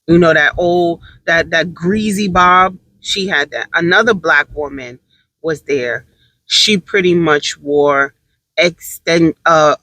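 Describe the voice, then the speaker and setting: A woman's voice: fairly low pitch, sharp tone, no room sound, poor audio. A woman telling a story in a casual monologue, emphatic and repeating her points for stress.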